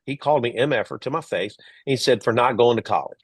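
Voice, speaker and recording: A middle-aged man from Texas telling stories as a guest in an interview, lively, acting out the voices of people he quotes. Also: medium pitch, fast, slightly rough, no echo. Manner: animated storyteller, acts out quoted voices. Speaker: guest, entrepreneur and author. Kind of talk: storytelling interview.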